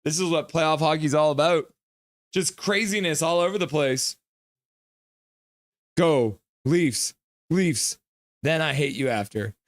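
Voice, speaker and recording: A man hosting a live hockey reaction stream, reading chat messages aloud, joking and reacting loudly to goals. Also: a little high, slow, pauses often, dry recording. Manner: excitable, reads chat aloud and jokes.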